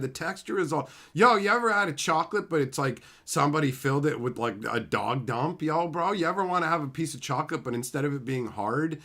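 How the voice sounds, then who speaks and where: A man hosts a casual livestream, answering his chat with boastful, swearing jokes, calling people bro and son. His voice is bright and fairly high for a man, and it leaps around in pitch as he clowns. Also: slightly rough. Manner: lively swings in pitch and loudness, mock shouting. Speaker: livestream host. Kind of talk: casual livestream chat reading viewer comments.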